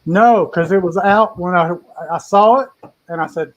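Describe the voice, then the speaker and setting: A man's voice: sits high, moderate pace, lo-fi sound. A man hosting a casual cooking show, chatting in a folksy, rambling way. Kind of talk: casual live cooking chat.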